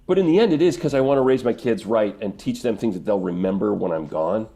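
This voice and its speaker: Deep-voiced emotional voice actor. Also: male voice, expressive, mellow. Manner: earnest, emotional, halting with restarts. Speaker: voice actor guest. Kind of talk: reflective interview answers.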